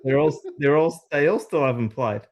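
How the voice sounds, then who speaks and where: An Australian man co-hosting a casual stream, talking in halting restarts. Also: a little high, lo-fi sound. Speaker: stream co-host. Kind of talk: casual chat.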